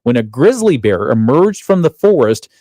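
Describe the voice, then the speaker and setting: A man's voice: medium pitch, big pitch swings, normal speed, warm tone, no echo. Chatty man hosting a radio morning show. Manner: chatty, laughs often, reads headlines aloud. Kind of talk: casual radio banter. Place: radio studio. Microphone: studio microphone.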